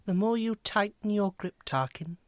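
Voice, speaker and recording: A man's voice: high-pitched, expressive, moderate pace, no echo, clean studio sound, pitched above the performer's own voice. A man voicing a haughty young princess defying a villain, as a comic impression in a podcast chat. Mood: defiant.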